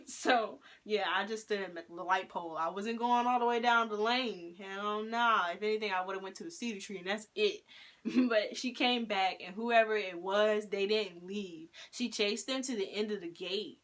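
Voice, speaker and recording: Bright-voiced woman telling a story. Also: fairly low pitch. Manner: animated, swearing, slangy storyteller. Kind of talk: casual storytime. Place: at home indoors.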